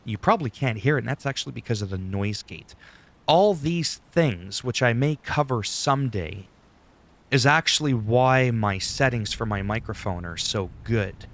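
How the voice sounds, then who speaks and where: A man's voice: mid-range voice, lively intonation, moderate pace, fairly bright tone. A man giving a rambling, profane, conversational tutorial while sitting at his desk and talking into a studio dynamic microphone. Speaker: YouTuber explaining recording settings. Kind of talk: casual screen-recorded tutorial. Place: home desk setup.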